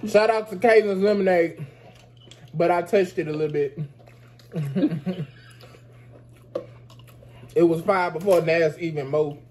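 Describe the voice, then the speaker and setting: A man banters and laughs freely while eating on a podcast. His voice sits a touch high with a mellow, soft tone. There is a faint noise floor under the recording. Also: a little slow, pauses often. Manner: playful, laughs often, teasing. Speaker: podcast co-host. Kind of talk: casual chat during a mukbang.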